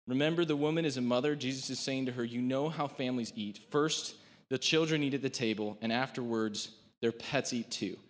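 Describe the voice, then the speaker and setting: A man giving a sermon in a relaxed, conversational way, with joking asides and quotes he acts out. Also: mid-range voice, brisk, long reverb tail. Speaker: preacher.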